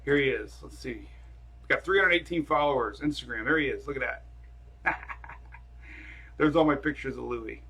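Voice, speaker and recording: A man's voice: mid-range voice, normal speed, long pauses, bright, forceful tone, slightly rough. A man hosting a casual weather live stream from home on his phone camera, rambling and chatty as he talks to viewers and his dogs.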